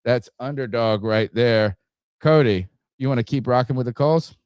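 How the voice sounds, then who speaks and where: A man's voice: medium pitch, moderate pace, darkish tone, clear, resonant tone, no echo, studio quality. A man hosting a sports podcast, reading an ad and giving rambling, casual game analysis. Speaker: podcast host. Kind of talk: casual sports talk and ad read.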